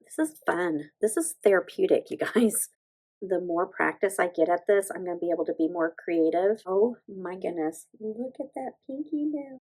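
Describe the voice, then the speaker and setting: Bubbly woman with a gravelly edge. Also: medium pitch, moderate pace, a little mellow, poor audio. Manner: bubbly, gushing, talks to viewers as "you guys". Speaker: beauty vlogger. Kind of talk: casual nail stamping tutorial.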